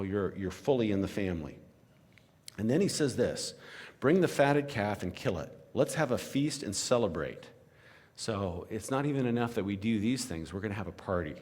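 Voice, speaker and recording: A man's voice: fairly low pitch, darkish tone. A man leading a conversational Bible lesson at a church, often tossing in "you know" and "right?" as he explains the story. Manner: casual, frequent "you know" and "right?" asides. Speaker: church teacher. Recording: long reverb of a large hall.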